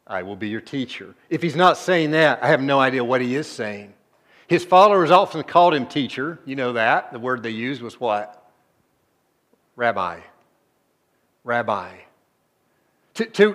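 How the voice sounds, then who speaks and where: A man's voice: expressive, moderate pace. Man preaching with rhetorical questions. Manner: swings between low, soft stretches and loud emphatic bursts; asks the congregation rhetorical questions. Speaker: pastor. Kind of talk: sermon.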